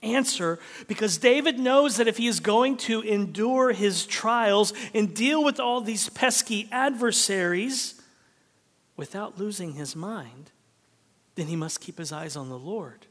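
A pastor preaching in a measured, deliberate rhythm, his fairly high voice swelling on key words and then dropping almost to a whisper. His sermon rings out through a large reverberant sanctuary, the long tail of the hall trailing each phrase. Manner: dynamic, swings from emphatic to hushed near-whispers.

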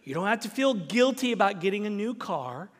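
A man's voice: high voice, big pitch swings, brisk, big-room sound. A man with a Southern US accent preaching a sermon as pastor, emphatic and repeating key phrases for stress. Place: church.

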